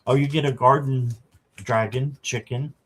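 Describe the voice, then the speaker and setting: A man's voice: medium pitch, steady tone, measured pace, fairly bright tone, slightly rough. A man doing a casual live tarot reading, chatting to viewers and reading the card text aloud. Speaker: tarot reader.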